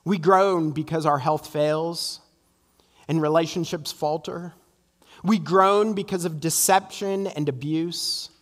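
A man's voice: a little high, fairly even intonation, takes it slowly, in a large hall. A man preaching an earnest, emphatic sermon in a church, often tossing in "right?" asides. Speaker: pastor. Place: church sanctuary.

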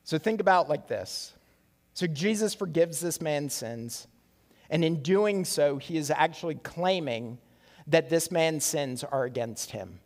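Pastor guy, fairly high voice, earnest emphatic sermon, big church reverb. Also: lively intonation, unhurried. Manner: earnest, emphatic preaching with repeated phrases. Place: church sanctuary. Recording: long reverb of a church hall.

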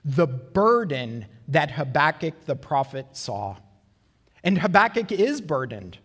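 A man preaching a sermon in an earnest way, asking rhetorical questions and slowing down for emphasis. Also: on the high side, sing-song, fairly bright tone, slightly rough, long reverb tail. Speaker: pastor.

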